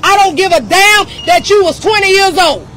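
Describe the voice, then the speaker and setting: A woman giving an impassioned, confrontational public speech outdoors, shouting at times. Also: very high voice, normal speed, a little hiss or hum. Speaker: speaker at a press event.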